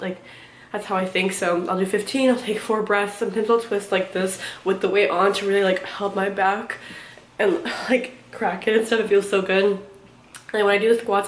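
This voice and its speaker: A young woman talks casually to her viewers, rambling and stopping to restart her sentences, filling gaps with little hesitations. She sounds a little out of breath. Her voice sits at a middle pitch and rings in an echoey room. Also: a little hiss or hum. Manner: rambling, halting, filler-heavy. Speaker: vlogger. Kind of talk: casual chat.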